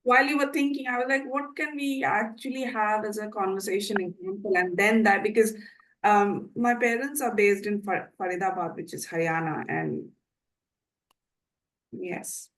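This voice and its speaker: A woman hosts a podcast in a relaxed, conversational way. She reflects on the topic and follows up with probing questions. Her voice sits at an ordinary middle pitch. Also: normal speed, rough recording. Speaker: podcast host. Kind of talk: casual conversation.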